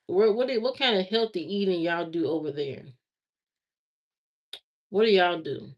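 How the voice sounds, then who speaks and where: A woman with a Southern US accent hosting a casual livestream, chatting in a rambling way and greeting viewers by name. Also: mid-range voice. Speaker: livestream host. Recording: slightly dull lo-fi stream audio.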